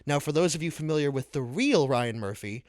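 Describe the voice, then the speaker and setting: New England man, podcast co-host, trivia asker; slightly high, dry close mic. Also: expressive, fairly quick, a little mellow, dry recording. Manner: quizzing, tells stories. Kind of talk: casual chat.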